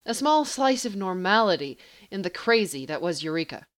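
A woman reading fan fiction aloud as an audiobook narrator with steady, even storytelling. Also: medium pitch, moderate pace.

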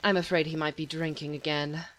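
A woman's voice: sits low, fairly even intonation, a little fast, fairly bright tone. A woman reading a haughty grande dame, stiffly upright and aloof. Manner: haughty, with a put-on British air.

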